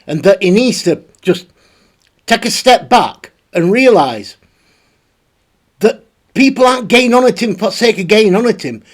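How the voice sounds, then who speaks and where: A man's voice: high-pitched, lively intonation, moderate pace, long pauses. A man hosting a casual, rambling commentary on online drama. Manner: rambling, blunt, with frequent restarts. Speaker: commentary channel host.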